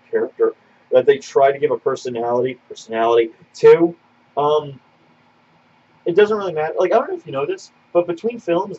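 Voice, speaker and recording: Husky, dull-sounding man rambling casually. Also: medium pitch. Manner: rambling, animated, lots of fillers and restarts. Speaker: podcast co-host. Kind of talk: casual chat answering viewer questions.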